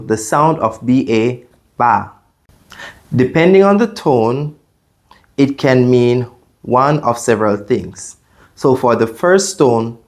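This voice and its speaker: A man teaching a beginner language lesson, explaining clearly and patiently and demonstrating sounds by repeating them. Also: mid-range voice.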